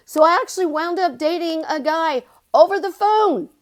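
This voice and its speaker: A woman life coach talking casually to her channel viewers, animated and chatty, leaping up in pitch for emphasis. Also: moderate pace. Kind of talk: casual vlog monologue.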